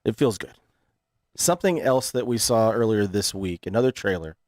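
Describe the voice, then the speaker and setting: Easygoing male host with a lowish voice, dry close mic. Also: animated, moderate pace, a little mellow, no echo. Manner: easygoing, steers the talk to the next topic. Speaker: show host. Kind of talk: casual chat. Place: radio studio.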